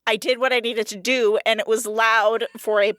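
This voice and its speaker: A woman's voice: fairly high pitch, fairly even intonation, moderate pace, a bit bright, no room sound, studio quality. A woman co-hosting a casual podcast, talking frankly and laughing often. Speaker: podcast co-host. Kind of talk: casual chat.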